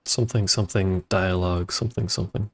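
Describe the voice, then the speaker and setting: A man's voice: low voice, fairly even intonation, quick pace. A man streaming a video game, talking casually with wry grumbling and swearing. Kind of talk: casual gameplay commentary.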